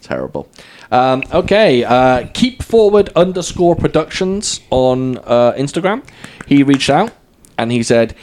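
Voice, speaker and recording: Lively British man hosting a podcast. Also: medium pitch, unhurried. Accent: British English. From England. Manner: animated, jokey storytelling with deadpan asides. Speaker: podcast host. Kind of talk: casual podcast chat.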